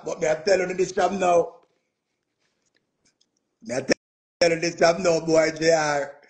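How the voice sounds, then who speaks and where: High gravelly Jamaican man. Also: measured pace. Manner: animated, boastful, repeats "man" and "yo", laughs through his telling. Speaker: music performer. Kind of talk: casual storytelling rant.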